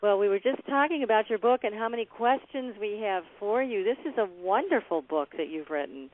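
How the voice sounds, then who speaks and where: A woman's voice: medium pitch, expressive, a little fast. A woman hosting a radio interview, asking questions in a chatty, friendly way. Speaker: radio show host. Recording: tinny phone-like line.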